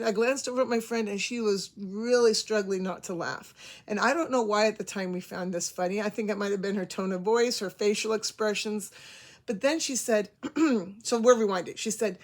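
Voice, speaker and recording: A woman in her forties telling a story straight to her audience in a chatty, rambling way. Her voice sits a little high and stays casual, with self-aware asides. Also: brisk. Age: 40s. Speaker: host.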